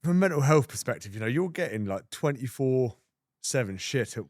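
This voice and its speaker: Man, podcast host, medium pitch, dry close sound, reflective casual talk. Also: lively intonation, a little fast, darkish tone, no room sound. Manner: reflective, hedging with "you know" and "like". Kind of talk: casual interview chat.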